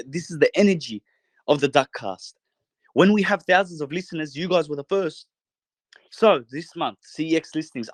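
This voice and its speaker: A man with a fairly high voice delivers a fervent, profane rallying speech as a podcast host. He talks from a bedroom in a holiday house. The sound is close and dry, with no room echo. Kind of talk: impassioned late-night podcast monologue.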